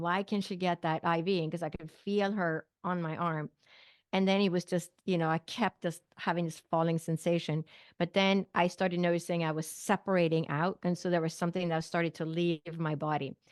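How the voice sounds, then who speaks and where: Guesting on an interview show, a middle-aged woman from Sweden, a naturopathic physician and psychic medium, brings a personal story to life with quoted exchanges and small laughs. Her voice sits on the low side, recorded at studio quality with no room sound.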